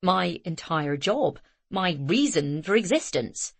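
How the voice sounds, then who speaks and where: A woman voicing a shy, fussy bookish man in an audiobook, speaking slowly and softly. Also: lowish voice, expressive, gravelly, no echo, full character voice. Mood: dismayed.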